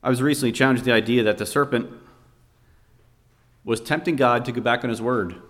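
Male preacher, mid-pitched, storytelling sermon delivery, long reverb of a church hall. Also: steady tone, brisk, a bit bright. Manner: storytelling, vividly recounting a scene.

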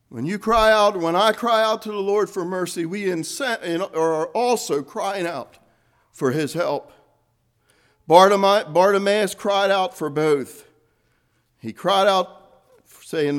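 A man preaching a sermon, earnest, rising to fervent emphasis and then dropping soft. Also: fairly high pitch, a little slow.

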